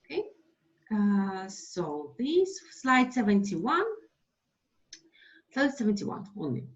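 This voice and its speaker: Slow, lively teacher. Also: female voice, medium pitch. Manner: slow, explanatory, repeats examples, switches to Russian for translations. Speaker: English teacher. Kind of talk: online lesson, webinar. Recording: dull lo-fi webinar audio.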